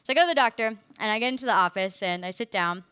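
A woman's voice: medium pitch, quick pace, pushed and bright, smooth, no room sound. A young woman earnestly sharing her personal faith testimony with a group, with many fillers. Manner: earnest, many fillers, laughs through hard parts.

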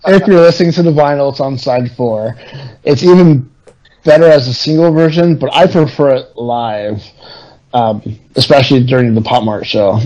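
A man's voice: mid-range voice, moderate pace, darkish tone, muffled recording. A man appearing as a guest on an album review podcast, speaking as a keen, thoughtful fan with small stammers. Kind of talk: casual album review chat.

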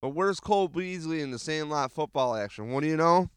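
A man hosting a casual sports podcast, swearing often and rambling excitedly with restarts, speaking into a handheld mic. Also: fairly high pitch, a little fast, clear, resonant tone, dry recording, clean studio sound. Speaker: podcast host.

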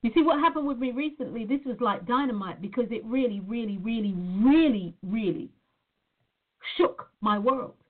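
A woman with a fairly high voice gives an earnest motivational talk as a life coach. She leans on emphatic repeats. The sound is thin and tinny, like a phone line. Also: normal speed.

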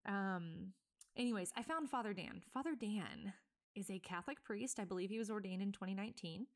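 A woman's voice: medium pitch, a little fast. A woman in her thirties from Virginia hosting a podcast, chatting loosely with many fillers and self-corrections, a little out of breath. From Virginia, USA. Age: 30s. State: a bit out of breath. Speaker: podcast host. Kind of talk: casual solo podcast intro.

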